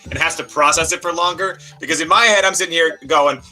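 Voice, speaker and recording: A man playing a tabletop roleplaying game who talks in fast, chatty, excitable rambles, often in character. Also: on the high side, soft background music. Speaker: player.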